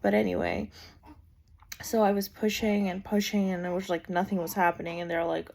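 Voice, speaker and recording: A young vlogger shares her birth story in a mid-range, creaky, slightly mellow voice with little pitch movement and normal speed. Her telling is casual and chatty, thick with "like" fillers, and she acts out quoted voices.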